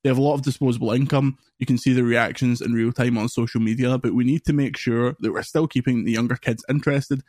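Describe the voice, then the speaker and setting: A man hosting a casual gaming podcast, chatting with co-hosts and reading out news stories with quick jokes and asides. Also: medium pitch, steady tone, a little mellow, no room sound, studio quality. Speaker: podcast host.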